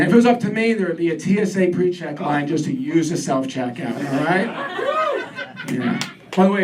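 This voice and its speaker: A man performing a stand-up set in a comedy club, sardonic and self-deprecating, who gets worked up as he rants. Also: sits high. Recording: distant mic with a laughing crowd.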